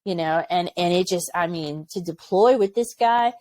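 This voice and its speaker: A woman's voice: on the low side, normal speed, darkish tone. A woman in her forties, an Army medic veteran, frankly telling war stories in an interview and acting out the people she quotes. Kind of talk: candid interview storytelling.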